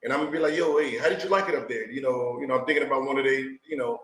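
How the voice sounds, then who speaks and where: A man's voice: mid-range voice, rapid-fire, a bit bright. Conversational man in a roomy space. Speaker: podcast host, former NBA player. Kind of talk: casual chat.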